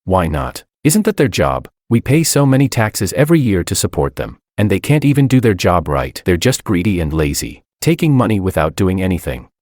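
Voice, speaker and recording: A man's voice: low voice, very animated, brisk, hardly any pauses, darkish tone, no room sound, clean studio sound. A man voicing a bitter, disabled young wife who screams and sneers at everyone. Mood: furious.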